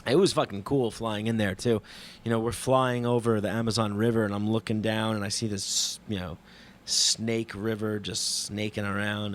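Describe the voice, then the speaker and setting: Profane, animated storytelling man. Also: lowish voice, moderate pace, slight background noise. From New York. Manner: profane, animated, self-mocking retelling. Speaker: podcast host telling a travel story. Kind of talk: casual storytelling monologue.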